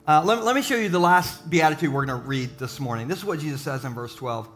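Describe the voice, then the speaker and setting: A man preaching a sermon to a live church audience, mixing jokes and quick asides with his encouragement. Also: on the high side, bright, forceful tone, faint music behind. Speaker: pastor.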